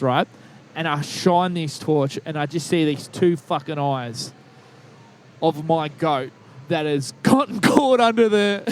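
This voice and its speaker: Man, podcast co-host, high voice, rambling profane storytelling, faint background noise. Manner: rambling, profane, laughs at own stories. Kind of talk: casual storytelling chat.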